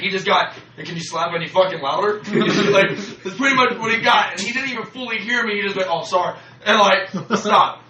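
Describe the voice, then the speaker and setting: A man ranting loudly and profanely in casual chat, laughing as he goes. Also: sits high. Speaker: podcast co-host. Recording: echoey room, distant mic, noise.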